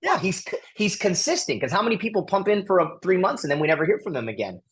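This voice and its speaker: A man's voice: sits high, sing-song, fast talker, poor audio. Chatty, enthusiastic man as podcast guest. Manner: chatty and enthusiastic, acts out quoted conversations. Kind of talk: casual interview chat.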